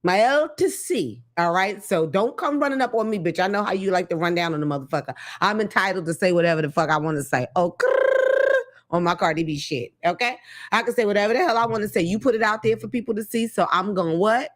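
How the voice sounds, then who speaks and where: Animated, profane woman host. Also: medium pitch, fast talker. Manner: blunt, profane, animated, laughs often. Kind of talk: casual commentary monologue.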